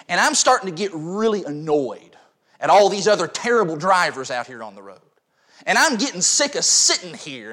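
A pastor, preaching a sermon emphatically and asking many rhetorical questions. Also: male voice, extremely high pitch, a bit bright.

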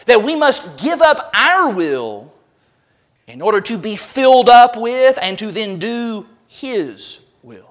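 A man's voice: very high-pitched, sing-song, takes it slowly, fairly bright tone. A man preaching a sermon as pastor, emphatic and full of rhetorical questions.

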